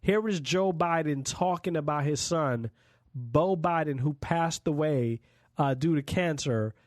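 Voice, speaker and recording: A man's voice: fairly high pitch, measured pace, dry recording, clean studio sound. A man hosting a political podcast, talking bluntly and emphatically in a casual monologue and swearing freely. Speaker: podcast host.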